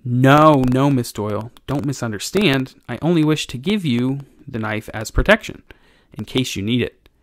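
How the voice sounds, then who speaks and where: Guy doing an old sailor, soft and coaxing, kinda ominous, dry close sound. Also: animated, normal speed, no room sound, lightly acted. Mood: gentle, coaxing. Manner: soft-spoken, grows to low hushed urging. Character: old male ship's cook, gentle and ominous. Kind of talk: audiobook character reading.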